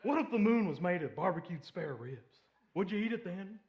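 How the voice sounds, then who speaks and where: A man doing an impression of a boisterous older sports announcer, with a loud drawling delivery in a dull lo-fi recording. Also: high voice, expressive, normal speed, a little hiss or hum, voice pushed up. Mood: goofy. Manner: loud, drawling, rambling questions.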